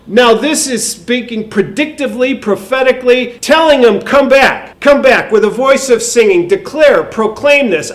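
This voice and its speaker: A man delivering a sermon in a notably high voice. He reads scripture aloud and explains it earnestly, pressing his points with emphasis and speaking warmly to his listeners as dear ones. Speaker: preacher.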